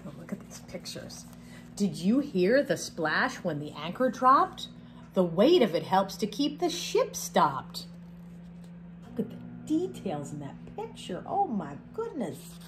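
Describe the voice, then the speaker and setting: A woman reads a rhyming picture book aloud to her class with an expressive voice. She breaks off now and then for friendly asides that explain words and point at pictures. Her voice sits in a middle range for a woman. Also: medium pitch, unhurried, a little hiss or hum.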